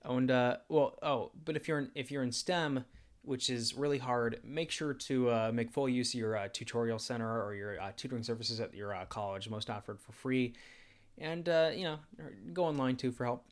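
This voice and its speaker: A man in his twenties hosting a casual livestream Q&A. He rambles in a self-deprecating way, with many fillers and quick laughs. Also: mid-range voice. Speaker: channel host.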